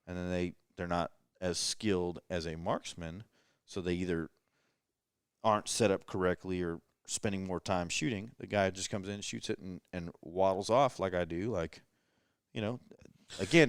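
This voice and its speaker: Low-voiced man in casual late-night chat. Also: lively intonation, normal speed, smooth, no echo, studio quality. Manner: rambling, thinks aloud with fillers. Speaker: podcast host. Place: indoors in a rental house.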